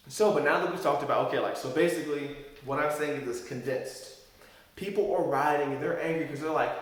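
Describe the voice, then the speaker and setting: A young man tells a story straight to camera, lively and expressive, swinging his pitch up and down as he acts out the people he quotes. His voice sits a bit high for a man. It rings around a very echoey, reverberant room. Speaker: vlogger telling a personal story. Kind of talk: casual storytelling monologue.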